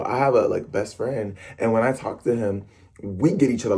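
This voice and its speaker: A young man who performs on stage, chatting to camera in an animated, rambling way with quick self-corrections. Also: medium pitch, slightly rough. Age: young adult. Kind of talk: casual talk to camera.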